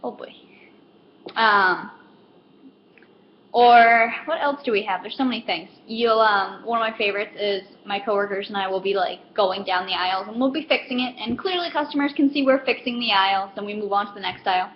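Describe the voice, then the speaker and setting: In a roomy, dull lo-fi recording with faint hiss, a young woman vlogs comedically in a casual stand-up style. Her pitch is medium and her delivery fairly quick. She rambles, uses lots of fillers, and mimics customers.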